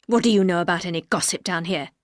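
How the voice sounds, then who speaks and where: A woman voicing a gruff, brooding older aristocratic husband, speaking low, curt and measured. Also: expressive, dry recording, studio quality, lightly acted. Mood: angry.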